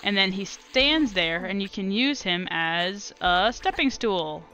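A woman chatting casually while streaming a game live, rambling and excitable as she talks to viewers. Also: mid-range voice, slow, faint music behind. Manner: rambling and excitable, restarts and laughs often. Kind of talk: casual live gameplay commentary.

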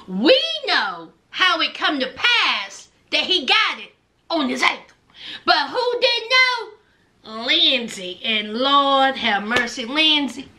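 Sassy high-voiced woman recapping TV. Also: bright, forceful tone. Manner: sassy, acts out the people she recaps in voices. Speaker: reality TV recap host. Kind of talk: casual recap commentary.

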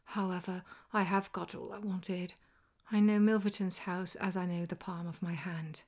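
A woman's voice: on the low side, little pitch movement. Sherlock Holmes, a cool detective whispered by a woman. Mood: calm resolve. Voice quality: soft, half-whispered. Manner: measured and resolute. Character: cool, self-assured male detective. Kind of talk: whispered role-play.

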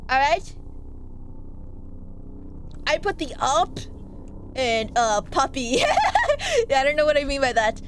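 A woman's voice: high voice, measured pace, pauses often, slight background noise, low-quality recording. A woman streaming a game who rambles, jokes, and chats with her viewers. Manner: rambling, jokey, chatty with viewers. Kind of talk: casual game commentary.

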